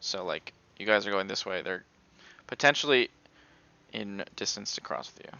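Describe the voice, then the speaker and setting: A man's voice: lowish voice, animated, normal speed, creaky, pushed and bright, smooth. Man narrating a tabletop game, dull recording. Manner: casual, loose narration with many fillers. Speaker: game master.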